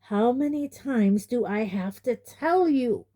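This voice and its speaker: An indignant teenage boy, defiant and quick to anger, as a woman reading an audiobook puts him on. The voice lifts higher than the narration, dark in tone and deliberate, pressing each word. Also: expressive. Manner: raised, indignant. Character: defiant teenage boy wizard, angry and tense.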